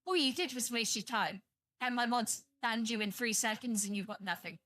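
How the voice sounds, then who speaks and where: Tired british girl rambling on her stream, kinda high bright voice, swears a lot. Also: normal speed, no room sound. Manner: blunt, profane, rambling. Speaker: livestreamer. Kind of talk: casual live-stream chat to viewers.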